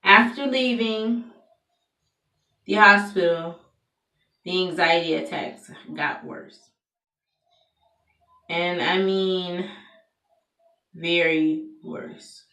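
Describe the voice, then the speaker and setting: A woman's voice: lowish voice, extremely slow, pauses often, sharp tone, distant mic. A young adult woman telling a personal story in a candid, conversational vlog, with plenty of fillers and restarts. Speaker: vlogger. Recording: echoey room, voice from away from the mic.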